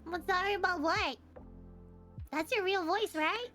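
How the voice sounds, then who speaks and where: Playful woman guest, very high, bright and animated. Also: measured pace, faint music behind. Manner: playful, teasing, bubbly. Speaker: guest voice actor. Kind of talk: casual stream chat.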